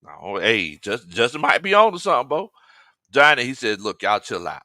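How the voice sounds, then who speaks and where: A man's voice: mid-range voice, very animated, moderate pace, bright, forceful tone, no room sound, clean studio sound. A man hosting a casual sports talk stream, joking, laughing often and reading fan comments. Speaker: sports talk show host.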